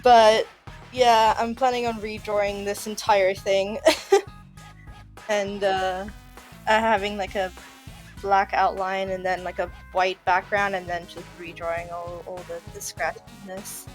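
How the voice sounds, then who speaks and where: A woman's voice: mid-range voice, flat delivery, unhurried, faint music behind. Giggly woman chatting on a stream. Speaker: guest artist. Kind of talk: casual livestream chat.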